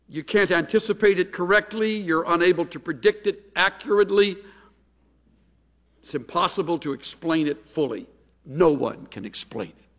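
A man preaches a sermon with a fairly high voice, slow and deliberate. He stresses his points firmly and lets his voice sink low to drive them home. A long reverb from a large hall trails behind each phrase. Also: a bit bright. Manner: measured, emphatic, drops low on key points.

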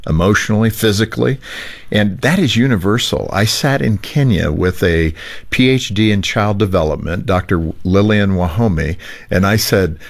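A man's voice: lowish voice, normal speed, gravelly. A man hosting a radio talk show, speaking in a reflective, conversational way. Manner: reflective, conversational, lively delivery.

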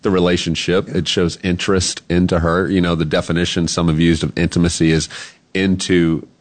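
Guy guest with a really deep voice, earnest and reflective, talking it through. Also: flat delivery, fairly quick. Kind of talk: casual chat.

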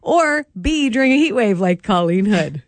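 A woman's voice: medium pitch, animated, moderate pace, no room sound. A woman hosting a morning radio show in a studio, chatting casually and laughing easily. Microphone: studio microphone.

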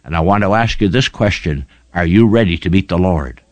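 A man's voice: low-pitched, lively intonation, a little fast, dry recording. A man preaching a broadcast sermon, making an earnest, pleading appeal to his listeners. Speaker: radio preacher.

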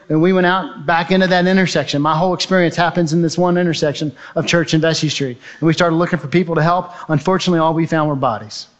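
A man's voice: fairly high pitch, a bit bright, muffled recording. A man giving a testimony as a speaker, telling his story vividly and urgently and acting out the voices in it. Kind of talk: dramatic personal storytelling speech.

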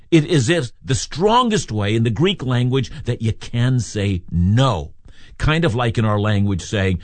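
A man's voice: mid-range voice, dry recording. A man preaching a sermon, reading scripture aloud and explaining it verse by verse with emphatic points. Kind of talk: radio Bible teaching.

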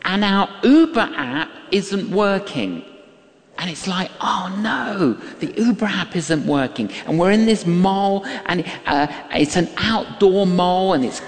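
An older man preaching a sermon, telling a story with emphatic repetition and acting out the voices he quotes. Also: high-pitched. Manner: emphatic, repeats key lines, acts out quoted voices. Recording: long hall reverb.

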